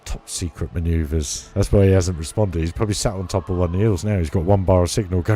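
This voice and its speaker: Chatty man streaming, low mellow voice. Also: steady tone, quick pace. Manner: chatty, laughs often, reads chat aloud. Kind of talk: casual live-stream chat. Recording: faint music behind.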